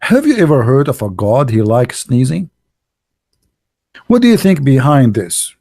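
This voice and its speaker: A man mocking his subject in a loose, sarcastic monologue. His delivery is halting and full of fillers, with sudden jumps up into laughter. The sound is dry, with no room around it. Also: medium pitch, very animated, darkish tone, no echo. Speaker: online religious debater. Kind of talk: casual monologue.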